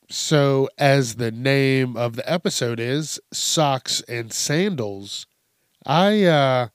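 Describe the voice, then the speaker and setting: A man's voice: mid-range voice, dry recording, studio quality. A man hosting a podcast, ranting crudely and swearing constantly, laughing at his own jokes. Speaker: podcast host. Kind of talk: profane comedic rant.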